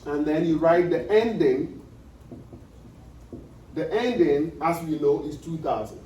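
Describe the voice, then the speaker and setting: Animated yet taking it slowly, a man with a mellow voice on the high side gives an accounting lecture, going over key points repeatedly and quizzing students to confirm they follow. The room echoes, the mic is distant and there's faint noise.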